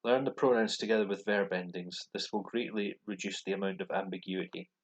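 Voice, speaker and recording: Fairly quick and steady-toned, a low-voiced man from Scotland walks casually through a language course, stumbling with ums and restarts. He's a language learner vlogger, and the poor recording captures his voice along with computer speakers playing.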